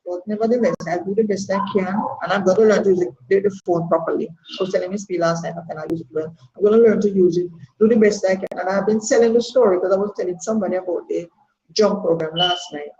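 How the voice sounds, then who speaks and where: Older Jamaican woman, mellow and earnest. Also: medium pitch, quick pace. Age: 60s. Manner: earnest, rambling, repeats words for emphasis. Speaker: party member. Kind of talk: candid testimony. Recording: echoey room, dull lo-fi sound.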